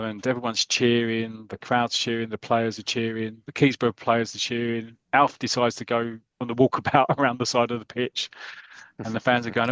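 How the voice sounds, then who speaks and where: A man in his mid range voice retells a comic story for a podcast, animated and full of restarts. He acts out the characters as he goes. The sound is dry and close to the mic. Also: mid-range voice, dry recording, rough recording. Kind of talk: casual chat.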